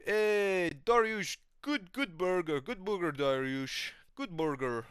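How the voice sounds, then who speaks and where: A man putting on the voice of a very stoned, giggly male fighter who slowly repeats short phrases. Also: high voice, expressive, fairly bright tone, clear, resonant tone, dry recording, clean studio sound, voice pushed up, heavily acted. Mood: dazed giggly.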